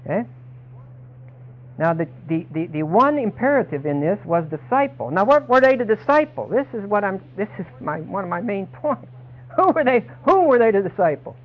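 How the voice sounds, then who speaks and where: A man's voice: high-pitched, big pitch swings, moderate pace, lo-fi sound. A man preaching a sermon, emphatic and dramatic, voicing the people he quotes.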